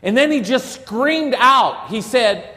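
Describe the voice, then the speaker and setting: Man, Catholic priest, sermon; high-pitched, rhetorical, humorous, church-hall echo. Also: expressive, slow pace, pushed and bright. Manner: emphatic, rhetorical, joking.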